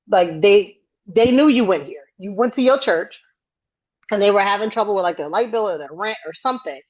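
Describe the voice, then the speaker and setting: A woman co-hosting a casual podcast chat, telling a story with lively acted-out quotes and frequent hedging. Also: medium pitch, a little fast, highs cut off. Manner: animated storyteller acting out quotes, hedges often. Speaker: podcast co-host.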